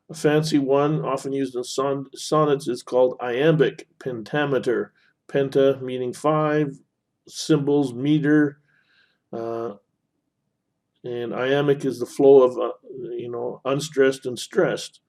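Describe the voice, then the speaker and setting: Mellow-voiced man explaining a poem. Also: medium pitch, fairly even intonation, a little slow. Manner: explanatory, talks while annotating, frequent fillers and self-corrections. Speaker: instructor. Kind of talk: screen-recorded teaching lesson.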